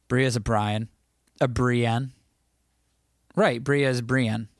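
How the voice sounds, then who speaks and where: A man's voice: medium pitch, slow pace, pauses often, no echo, clean studio sound. Casual man chatting on a livestream. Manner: loose, chatty, reacts to chat messages. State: throat clearing, scratchy throat. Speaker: livestream host. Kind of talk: casual chat reading live comments.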